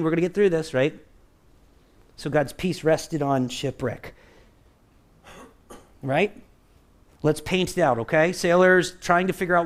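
A man's voice: on the high side, a little slow. A man preaching a conversational sermon as pastor, acting out quoted voices and often checking in with "right?". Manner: animated, acts out quoted voices, keeps asking "right?".

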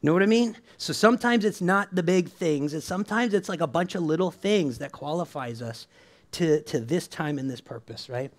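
Chatty pastor with a lively laugh. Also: male voice, on the high side, moderate pace. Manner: conversational, keeps asking "right?", laughs often. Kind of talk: sermon.

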